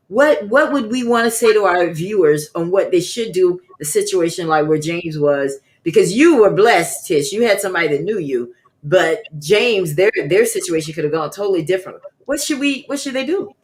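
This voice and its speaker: A woman's voice: mid-range voice, expressive, moderate pace. A woman hosting a panel discussion, putting probing questions to her guests. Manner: probing, asks follow-up questions. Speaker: host.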